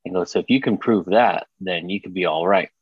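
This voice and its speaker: A man's voice: low-pitched, a little fast, breathy edge, no echo, dull audio. A man co-hosting a casual podcast, telling a story with lots of laughter and swearing. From Mexican-American household. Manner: animated storytelling, laughing, profane. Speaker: podcast co-host. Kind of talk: casual chat.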